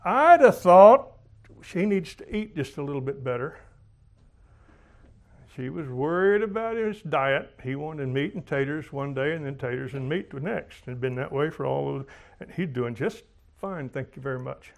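A man's voice: medium pitch, normal speed, vocal fry. A man preaching a sermon, telling folksy stories and swinging his volume for drama. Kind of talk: sermon with anecdotes.

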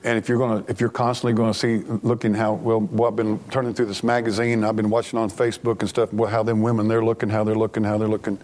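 A man's voice: on the low side, level tone, fast talker, few pauses, darkish tone. A middle-aged man preaching a sermon as pastor, earnest and plainspoken, often restarting his sentences.

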